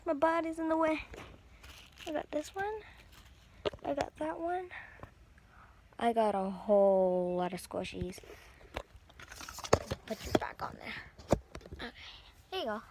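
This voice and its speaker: A young woman chatting casually as she unboxes squishy toys, gushing and breathy as she talks. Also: sits high, a little mellow, a little hiss or hum. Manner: gushing, breathy squeals over cute toys. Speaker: vlogger.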